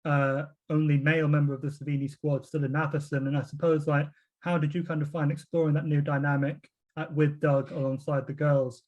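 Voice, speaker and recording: Fast, flat-voiced British interviewer. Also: male voice, a little high. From Britain. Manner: rambling questions, frequent murmured agreement. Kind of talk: casual interview questions.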